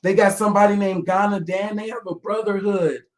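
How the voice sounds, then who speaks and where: Hosting a livestream, a man reacts to clips in a loud, profane, animated style, veering between muttering and shouting. His voice is high-pitched and he talks a little fast.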